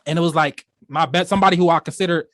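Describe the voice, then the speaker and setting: A man's voice: a little high, steady tone, racing, a bit bright, no room sound, clean studio sound. Rambling young man telling a story. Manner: rambling, full of "you know" and restarts. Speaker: podcast co-host. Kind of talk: casual storytelling chat.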